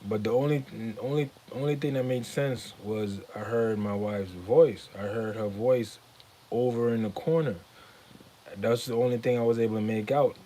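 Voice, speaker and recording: Dude with a warm mellow voice rambling through his story, faint hum behind. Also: medium pitch, moderate pace. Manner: relaxed, rambling, with many fillers like "you know what I'm saying". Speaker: podcast host. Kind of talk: casual personal storytelling.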